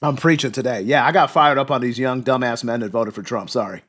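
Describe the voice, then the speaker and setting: A man hosting a livestream who reads news aloud and reacts in a loud, fired-up, profane way, losing his voice. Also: mid-range voice, fairly quick. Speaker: livestream host. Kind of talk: livestream commentary and news reading.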